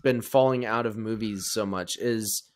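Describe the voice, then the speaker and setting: A man's voice: lowish voice, steady tone, moderate pace. A man on a comedy podcast, chatting casually and expressively. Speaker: podcast co-host. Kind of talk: casual chat.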